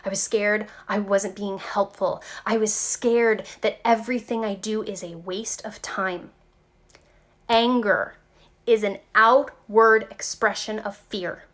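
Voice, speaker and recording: Speaking at a slow pace in a mid-range voice, a woman who vlogs about tarot and spirituality chats with her audience about growing spiritually. Her manner is lively and talkative, sprinkled with plenty of "like" and "okay."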